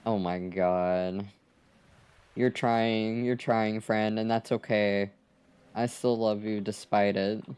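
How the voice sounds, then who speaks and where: A man's voice: lowish voice, fairly even intonation, slow, darkish tone, clean tone. A man chatting casually with his viewers on a live art stream, playful and teasing, swearing freely. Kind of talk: casual live stream chat while drawing.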